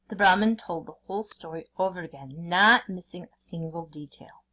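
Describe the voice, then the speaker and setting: A woman teacher reading a folk tale aloud for a lesson, in a clear storybook manner. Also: on the low side, moderate pace, pushed and bright.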